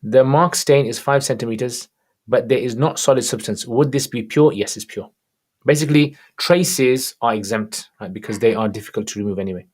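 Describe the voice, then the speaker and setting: A man answering religious questions on a livestream, reading each viewer question aloud and replying in a casual, relaxed way. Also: mid-range voice, fairly quick.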